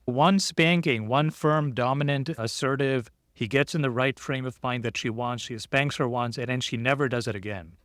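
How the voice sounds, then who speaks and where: A man's voice: medium pitch, moderate pace, few pauses, a bit bright, dry recording, clean studio sound. A man co-hosting a casual podcast. He reads out a listener's question and then speculates about it thoughtfully, hedging as he goes. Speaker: podcast co-host.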